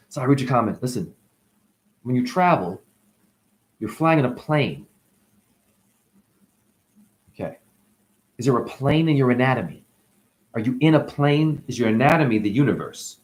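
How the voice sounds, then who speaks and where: A man giving a free-flowing spiritual monologue on his channel. He talks animatedly, calls the listener honey, and swings between loud bursts and whispers. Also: normal speed, long pauses. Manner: animated, sudden jumps in pitch and loudness. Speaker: spiritual vlogger.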